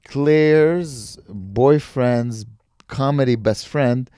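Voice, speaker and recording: A man's voice: mid-range voice, very slow, mellow, smooth, no echo, studio quality. A man co-hosting a podcast in casual chat, teasing his co-host, explaining things, and laughing often. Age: adult with a master's degree.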